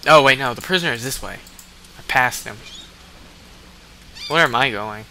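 A man giving casual let's play commentary, reading out game commands and laughing often. His voice is mid-pitched and very bright. Faint noise sits behind him. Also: normal speed. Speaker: gamer.

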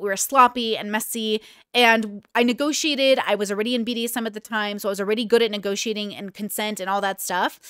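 A woman's voice: a little high, fairly bright tone, clear, resonant tone, dry recording, clean studio sound. Chatty, candid woman host. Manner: candid, chatty, self-deprecating. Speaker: podcast host. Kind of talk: casual podcast talk.

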